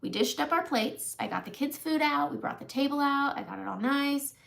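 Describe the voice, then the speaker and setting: Brisk and expressive, her high voice has a creaky, slightly bright quality. She's in her forties, laughing at her own expense while recounting a lengthy comic tale on a makeup live stream.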